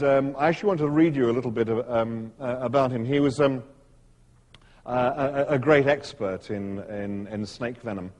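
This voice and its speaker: A man tells a story to a live audience in a halting way, using dry humor and frequent false starts. His voice sits a little high for a man. Long reverb from a large hall hangs behind him. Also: a little mellow. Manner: dry humor, hesitant with restarts. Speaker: speaker giving a talk to an audience. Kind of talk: live talk with a read-aloud passage.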